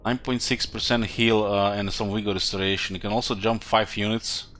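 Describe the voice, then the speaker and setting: A tired man talks through his strategy game live, musing aloud in loose, rambling sentences full of fillers. His voice is bright and forceful, with faint game music running underneath. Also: fairly low pitch, steady tone, fairly quick. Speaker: streamer. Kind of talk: casual gameplay commentary.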